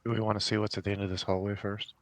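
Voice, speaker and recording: A man's voice: on the low side, flat delivery, very fast, no room sound. A man playing a tabletop game, planning tactics in a laid-back, dry way. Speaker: player. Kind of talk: casual tabletop game chat.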